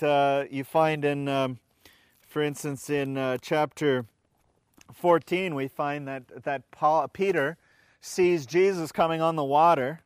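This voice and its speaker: A man's voice: fairly high pitch, clean tone, no echo. A man, a pastor, preaching a conversational sermon and reading scripture aloud, often restarting his words and asking the congregation questions.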